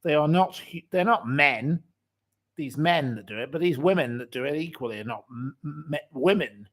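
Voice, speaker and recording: A man's voice: fairly high pitch, lively intonation, moderate pace, a bit bright. A man in his forties hosting his channel, ranting indignantly and piling up one insult after another. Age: 40s. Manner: indignant, repetitive, heaps up insults. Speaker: channel host. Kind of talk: ranting livestream commentary.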